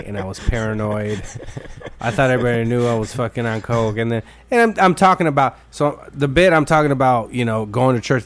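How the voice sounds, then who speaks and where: A man hosting a podcast, telling a crude story in casual, profane chat with lots of laughs and acted-out quotes. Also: fairly low pitch. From Mexican-American from Illinois. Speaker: podcast host.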